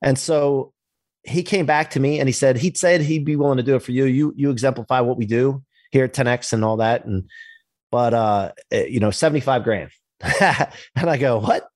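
A man telling a personal business story in a casual interview, animated and acting out the dialogue. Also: mid-range voice, normal speed, dry recording, clean studio sound. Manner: animated, acts out quoted dialogue, swears casually. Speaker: podcast guest, entrepreneur.

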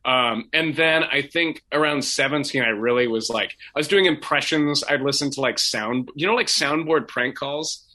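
Young man, bright crisp tone, loose rambling chat with lots of "like" and "you know", voice actor guest. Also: mid-range voice, normal speed. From Portland, Oregon. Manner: rambling, many fillers and restarts. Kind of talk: casual interview chat.

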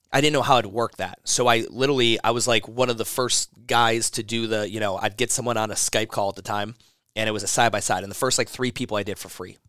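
This is a man in an interview, casually recounting how he built a gym consulting business. His voice sits on the low side. He rambles, swears, and keeps restarting his sentences, and the recording is dry with no room sound. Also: bright, forceful tone, clean tone, no room sound. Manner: rambling, profane, frequent restarts.

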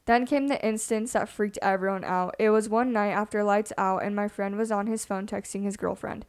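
A young woman co-hosting a podcast, reading creepy stories aloud in a hushed, subdued tone between casual chat. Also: mid-range voice, steady tone, normal speed, clean tone. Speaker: podcast co-host.

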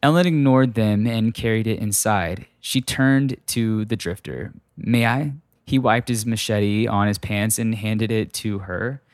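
A man reading a comic ghost story aloud in a wry, deadpan way. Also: on the low side, measured pace, few pauses, dry recording. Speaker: narrator. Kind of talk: storytelling narration.

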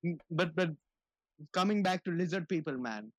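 A young man co-hosting a podcast, talking in drawn-out, mock-serious banter and tacking "man" onto his lines. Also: a little high, lively intonation, no room sound. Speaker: podcast co-host. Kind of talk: casual banter.

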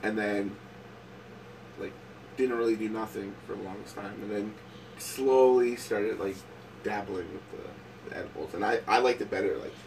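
Laid-back halting storyteller man. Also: fairly low pitch, darkish tone, recorded from a distance, low-quality recording. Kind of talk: casual chat. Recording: voice a little off-mic with faint noise.

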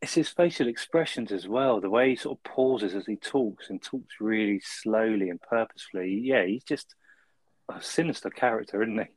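A man's voice: on the low side, normal speed, no room sound. A man co-hosting a casual film review, chuckling and ending lines with tag questions. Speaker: podcast co-host.

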